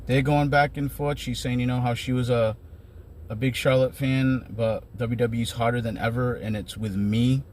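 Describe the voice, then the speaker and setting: A man's voice: mid-range voice, steady tone, moderate pace, darkish tone, slight background noise. A man giving a casual, rambling recap of wrestling shows as an enthusiastic fan. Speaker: wrestling commentator.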